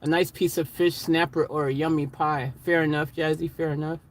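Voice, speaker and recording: A man chatting casually with viewers in a live vlog, laughing and getting excited, recorded in a van. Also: on the high side, fairly quick. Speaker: vlogger.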